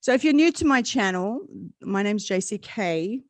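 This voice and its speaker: A woman's voice: medium pitch, expressive, normal speed, no echo. A woman hosting a casual live-stream chat, rambling and laughing often. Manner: chatty, rambling, laughs a lot. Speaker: host.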